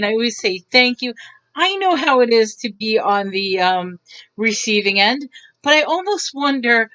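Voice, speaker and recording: A woman's voice: on the high side, normal speed. Rambling woman vlogger, lo-fi sound. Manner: rambling, animated, acts out quotes. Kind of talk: casual storytelling. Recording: dull lo-fi sound.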